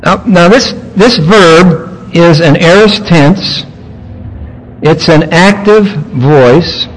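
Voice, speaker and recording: A man preaching a teaching sermon in a church, his voice pitched somewhat high for a man. He talks slowly and deliberately, breaking the text down point by point with weighty pauses. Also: rough recording. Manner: teacherly, explaining grammar point by point with emphatic pauses. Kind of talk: expository sermon.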